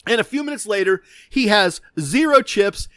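A man with a fairly high voice tells his gambling story in a relaxed monologue, wry and poking fun at himself. He acts out the other players' words as he goes. The sound is close and dry, with no room echo. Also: normal speed. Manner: wry, self-deprecating, acts out quoted dialogue.

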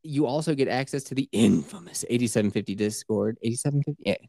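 A man's voice: mid-range voice, quick pace, creaky, warm tone, dry recording, clean studio sound. A man hosting a podcast, joking in a boisterous, crude, casual way. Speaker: podcast host. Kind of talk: casual comedic chat.

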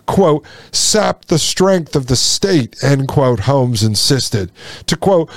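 A man's voice: on the high side, a little mellow, no room sound, clean studio sound. A man hosting a commentary show, reading out passages and reacting with emphatic indignation to his listeners. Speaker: podcast host. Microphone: sunglasses on camera, studio mic.

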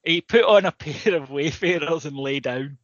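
A man's voice: a little high, normal speed, no room sound. A man co-hosting a comedy podcast, swearing and laughing a lot in casual chat. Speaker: podcast co-host. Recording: dull, dry sound.

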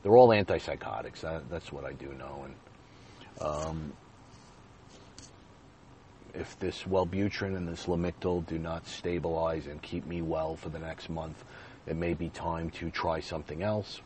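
A man's voice: rumbling low, fairly even intonation, measured pace, a little mellow, a little hiss or hum. A man hosting his own podcast, talking earnestly and directly to his listeners in repeated, plain phrases. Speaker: podcast host. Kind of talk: personal podcast monologue.

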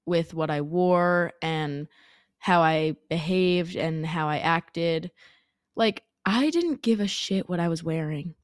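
A woman's voice: fairly low pitch, dry recording. Chatty young woman, dry close sound. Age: young adult. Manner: chatty, candid, swears casually, frequent "like". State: congested, fighting off sickness. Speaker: podcast host. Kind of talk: casual solo podcast chat.

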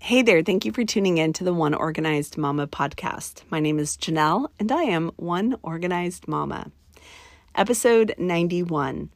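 A woman in her forties talks through her solo podcast with a scratchy, slightly nasal throat. Her voice sits on the lower side, and she rambles in a friendly, chatty way with little asides to her listeners. The sound is dry and close, with no room around it. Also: lively intonation, normal speed, no echo. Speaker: podcast host. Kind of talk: casual solo podcast chat.

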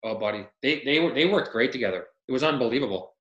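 Male guest, casual storyteller, bright tone, roomy echo. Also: mid-range voice, quick pace, lo-fi sound. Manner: animated storyteller acting out quotes, laughs often. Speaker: podcast guest, retired hockey player.

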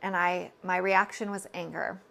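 A woman's voice: on the low side, fairly even intonation, normal speed, gravelly, sharp tone. A woman, telling a personal story on her podcast in an earnest, confiding way, full of asides and self-corrections. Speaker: podcast host.

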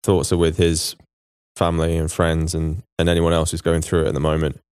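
A man's voice: very deep voice, completely flat delivery, a little fast, a little mellow, smooth, dry recording, studio quality. A man co-hosting a casual football podcast, chatting and reading out listener emails. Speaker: podcast co-host. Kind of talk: casual chat.

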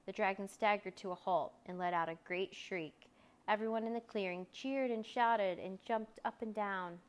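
A woman narrating a children's storybook as a scripted reading, expressive and lively, lifting her voice when the story's crowds cheer. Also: medium pitch, moderate pace.

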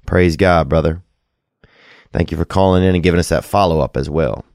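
Call-in host, man, very low voice, dry close sound, loose and crude but caring. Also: brisk, gravelly, darkish tone, no room sound. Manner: loose, rambling, crude jokes with sincere advice. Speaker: podcast host taking calls. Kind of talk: casual call-in show chat.

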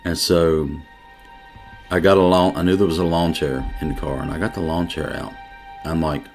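A middle-aged man, a police detective, telling a personal story in an interview in an earnest, emotional way with halting restarts. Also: low voice, fairly even intonation, darkish tone, soft background music.

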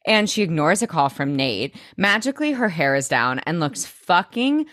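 A woman co-hosting a podcast, recapping a TV episode in casual chat, swearing freely and making quick asides. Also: fairly low pitch, sing-song, a bit bright, dry recording, studio quality. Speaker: podcast co-host.

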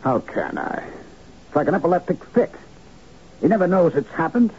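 A man's voice: high-pitched, big pitch swings, normal speed, gravelly, a little mellow, slightly rough, full character voice. An actor playing an urgent, worried male manager explaining a secret in a vintage radio drama. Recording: dull lo-fi old radio recording.

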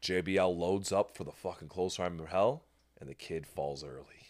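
A man with a very low voice hosts a casual podcast chat, telling his story with energy and acting out the other people's lines. He swears freely. The recording is dry and close to the mic. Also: moderate pace, no echo. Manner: animated storyteller, swears freely, acts out quotes. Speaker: podcast host.

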